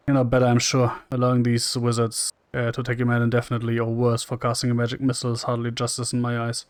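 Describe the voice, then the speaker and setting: Streamer, man, mid pitch, wry chatty reads, dry close mic. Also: no echo. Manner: wry and chatty, reads lines flatly and jokes. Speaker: streamer playing a role-playing game. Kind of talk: casual gameplay commentary, reading dialogue aloud.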